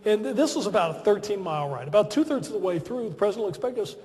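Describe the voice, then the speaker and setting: A man's voice: sits high, rapid-fire. A man giving a humorous, self-deprecating after-dinner speech at a podium in a large banquet hall. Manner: self-deprecating, lively storytelling.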